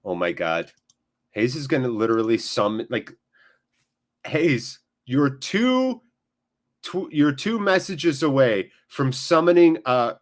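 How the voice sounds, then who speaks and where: An American man hosts a live football watchalong, reading chat and calling the play. He talks in a jokey, animated way with quick bursts of play-by-play. His pitch sits in the ordinary male middle. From United States. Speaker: watchalong host.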